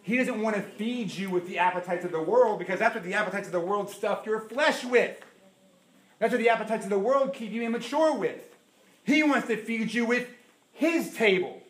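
A middle-aged man preaching a sermon as pastor, telling stories with big swings between loud and hushed. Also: high voice. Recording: echoey room.

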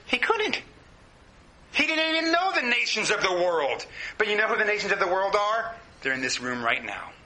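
A man's voice: high voice, big pitch swings, moderate pace, sharp tone. A man, a pastor, preaching a sermon with passion and speaking straight to his congregation. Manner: impassioned preaching, addresses the congregation directly. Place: church hall with a congregation. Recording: roomy echoing hall.

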